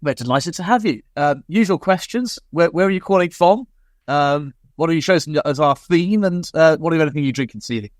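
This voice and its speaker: A man hosting a casual online panel show over a video call, friendly and halting, with many fillers. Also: a little high, no room sound. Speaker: host.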